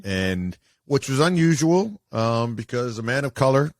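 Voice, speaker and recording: A man, a sportscaster, telling stories casually as an interview guest in an animated way with many fillers. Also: medium pitch, measured pace, no echo, clean studio sound. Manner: animated, acts out quoted voices, many fillers.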